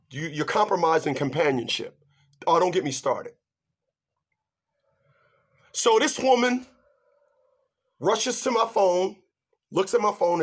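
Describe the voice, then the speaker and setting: A man giving relationship advice in an animated monologue, emphatic and stammering as he talks straight to his audience. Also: sits high, measured pace, long pauses. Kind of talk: animated ranting monologue to viewers.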